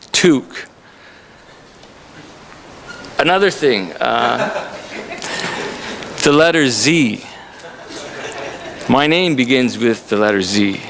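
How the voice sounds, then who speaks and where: A gravelly, fairly bright medium-pitched voice belongs to a Canadian college instructor presenting a visiting author in a lecture room. His introduction is chatty and humorous, and a little hiss or hum runs under the audio.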